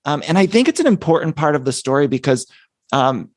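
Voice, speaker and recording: A man's voice: a little high, big pitch swings, brisk, no echo, clean studio sound. A young man hosting a podcast, asking eager, chatty questions. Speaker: podcast host. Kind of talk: casual podcast interview.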